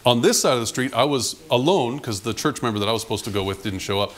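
A pastor with a medium-pitched voice talks fast as he preaches a sermon. He's an animated storyteller, recounting a personal story from his past and acting out the people in it.

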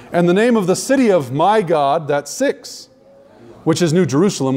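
In a slightly high, somewhat mellow voice, a man preaches to people gathered in front of him, talking straight to them and slowing for emphasis on the important words.

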